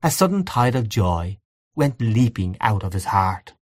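A man narrating a story aloud in a measured, expressive audiobook reading. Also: lowish voice, no echo, clean studio sound.

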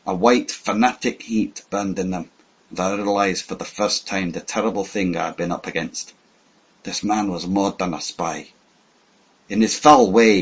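A man reading a first-person story aloud in a measured, dramatic way. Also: on the low side, slightly rough. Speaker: audiobook narrator. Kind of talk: scripted narration. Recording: dull lo-fi audio.

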